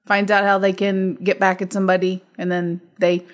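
A woman's voice: mid-range voice, flat delivery, normal speed. A woman from the Midwest, co-hosting a movie podcast in chatty, teasing conversation. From American Midwest. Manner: laughing often, chatty and teasing. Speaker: podcast co-host. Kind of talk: casual movie podcast chat.

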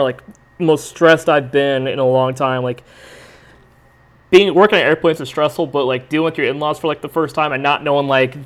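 A man's voice: mid-range voice, a bit bright. A young adult man hosting a podcast, telling a rambling, profane story in a casual, laid-back way. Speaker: podcast host.

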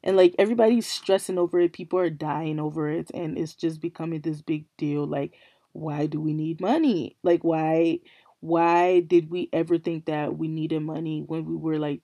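A woman's voice: deep voice, mellow, no room sound, clean studio sound. A woman hosting a casual solo podcast, English not her first language, rambling through puzzled questions with many fillers. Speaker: podcast host.

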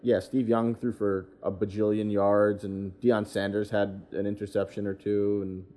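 A man co-hosting a casual talk show, trading sarcastic deadpan jokes. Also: on the low side, normal speed. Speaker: podcast co-host. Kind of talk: casual chat.

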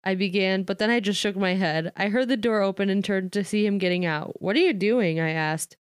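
A woman reads a novel aloud in a smooth, clear voice, then drifts into loose retelling full of "like" and easy laughter. She is recorded close and dry, with no room sound. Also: medium pitch, fairly quick, dry recording. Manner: reads a novel aloud, breaking off to paraphrase with lots of "like"; laughs often. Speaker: reader and commentator. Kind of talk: casual read-aloud with chat.

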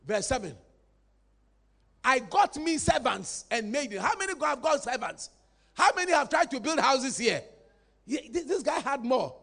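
A man preaching a sermon in a church, animated and playful, drawing responses from the congregation. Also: extremely high pitch, creaky.

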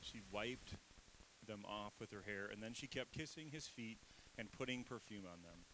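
A man preaching a sermon, emotional and shifting between hushed and raised delivery, acting out inner voices in asides. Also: lowish voice, normal speed, a little hiss or hum, rough recording. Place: church stage.

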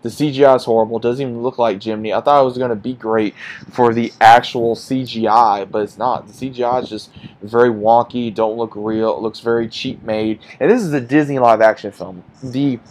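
A man's voice: mid-range voice, fairly even intonation, fairly quick, darkish tone. A man giving a casual, frustrated movie review, bluntly repeating his complaints.

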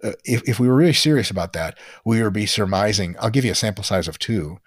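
A man speaking as a guest expert on a podcast, explaining training science bluntly and emphatically and sometimes swearing, in quick lecturing runs. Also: lowish voice, animated, slightly rough, no echo, studio quality. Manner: blunt, emphatic, sprinkles in profanity. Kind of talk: podcast interview talk.

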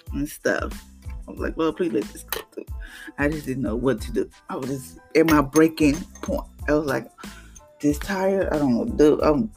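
Gravelly-voiced woman giving a tearful testimony. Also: a bass voice, a little mellow. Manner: halting, with many restarts and repetitions; earnest, close to tears. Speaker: mother sharing a personal testimony. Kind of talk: emotional personal testimony.

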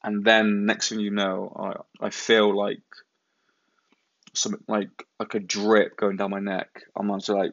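A young man with a low voice, telling a rambling, sweary story in casual chat. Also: level tone, moderate pace, fairly bright tone, no room sound, highs cut off. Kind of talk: casual anecdote.

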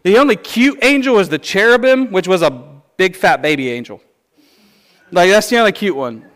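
Man, preacher, slightly raised pitch, conversational sermon, animated and chatty, playful asides. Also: moderate pace.

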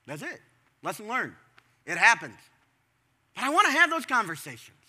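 Man, middle-aged pastor, sermon, high voice, chatty with animated bursts. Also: normal speed, long pauses. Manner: conversational preaching with sudden animated bursts.

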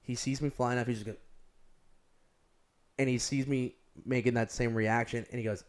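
A young man telling stories in a rambling, animated way, using "like" over and over. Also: medium pitch, normal speed. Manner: rambling, heavy use of "like", animated storytelling. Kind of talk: casual chat.

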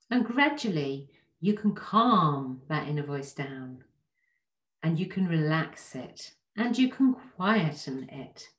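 A woman giving a gentle, reassuring self-help talk straight to the listener, often asking rhetorical questions. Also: lowish voice. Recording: echoey room.

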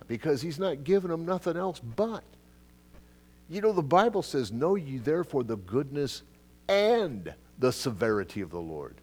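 A middle-aged male pastor preaching a Bible teaching, swinging between loud, emphatic bursts and quiet asides. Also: on the low side. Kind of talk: expository sermon.

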